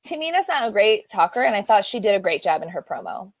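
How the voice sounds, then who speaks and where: A woman co-hosting a podcast in casual chat, chatty and quick to laugh at herself. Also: mid-range voice, very animated, no room sound. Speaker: podcast co-host.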